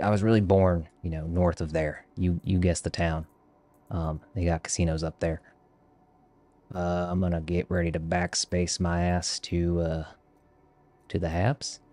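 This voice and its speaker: A man's voice: low voice, a little mellow, dry recording. A man from Texas streaming a game live, putting on a thick Texas accent and bantering with viewers in a joking, profane way. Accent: put-on Texas drawl. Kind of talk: casual livestream chat while gaming.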